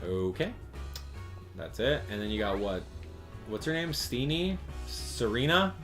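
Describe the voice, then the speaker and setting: A man's voice: mid-range voice, sing-song, unhurried, a bit bright, faint music behind. A man giving chatty, family-friendly gameplay commentary, reading the game's text aloud and reacting as he plays. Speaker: video game commentator.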